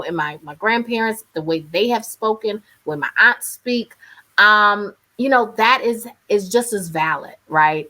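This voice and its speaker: A radio journalist in her thirties, speaking with a North Carolina accent, appears as a guest in a casual interview over a video call. Her fairly low voice is bright and forceful, and she talks candidly and freely, laughing easily.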